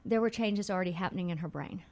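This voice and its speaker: A woman with a Mississippi accent, a nonprofit executive explaining things clearly as a radio guest. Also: on the low side, fast, a little mellow. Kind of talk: radio interview.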